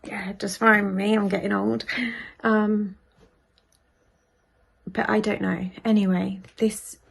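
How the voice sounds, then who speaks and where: A woman's voice: medium pitch, level tone, slow. A woman in her thirties talks to the camera for her vlog, half-whispering and worried. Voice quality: husky, gravelly. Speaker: vlogger. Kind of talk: personal vlog confiding to camera.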